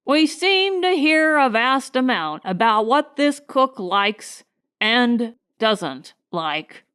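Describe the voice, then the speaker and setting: A woman narrating an audiobook voices a cross, fussy young gentleman who speaks slowly and pompously. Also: on the high side, very animated, clear, resonant tone, full character voice. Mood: sulky. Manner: slow, indignant, pompous.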